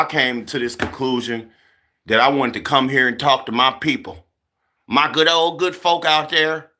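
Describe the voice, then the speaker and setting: A young man ranting heatedly to camera in a profane monologue, acting out other people as he goes. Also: mid-range voice. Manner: animated, heated, swearing, acts out other people. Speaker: vlogger.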